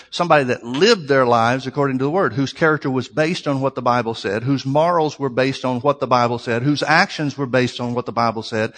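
A man's voice: medium pitch, a bit bright. Man preaching in an echoing hall. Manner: earnest, conversational preaching with emphatic repetition. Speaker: pastor. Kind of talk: sermon. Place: church sanctuary. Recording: long reverb of a large hall.

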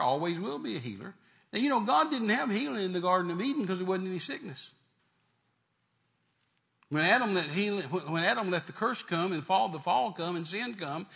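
A man's voice: high voice, vocal fry, a bit bright. A man preaching a sermon, repeating phrases and building to emphatic declarations.

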